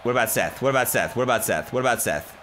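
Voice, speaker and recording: A man's voice: mid-range voice, expressive, quick pace, a bit bright, soft background music. A man casually narrating his own video game play, joking and muttering to himself as he goes. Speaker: gaming YouTuber. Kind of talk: let's play commentary.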